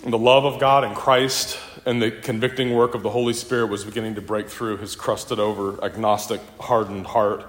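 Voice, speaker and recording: A man's voice: lowish voice, flat delivery, normal speed, few pauses. A middle-aged man, a son, delivering a funeral eulogy for his father and telling family stories in a reflective way. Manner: reflective storytelling, with warm anecdotes. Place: church in a large hall. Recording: echoey church hall.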